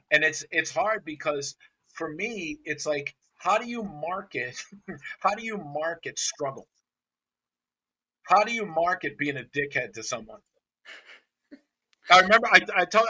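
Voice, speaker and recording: Blunt, forceful, husky-voiced man. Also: on the high side. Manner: blunt, animated storyteller who swears freely. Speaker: dog trainer and podcast host. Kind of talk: casual podcast chat.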